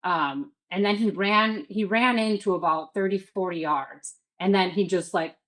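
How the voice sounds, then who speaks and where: A woman's voice: fairly low pitch, measured pace, fairly bright tone, rough recording. A woman in her thirties from the Midwest, telling a story as a guest in a casual interview, full of "like" and quoted self-talk.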